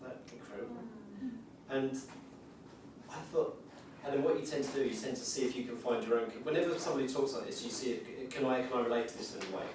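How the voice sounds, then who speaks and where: A man's voice: medium pitch, fast talker, background noise. A man presenting at a conference session, thinking aloud about voice and identity with frequent fillers and restarts. He is originally from South Essex and North London. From South Essex and North London, England. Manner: thoughtful, musing, with many fillers and restarts. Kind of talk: reflective conference talk. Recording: very echoey room from a distance, faint ambience.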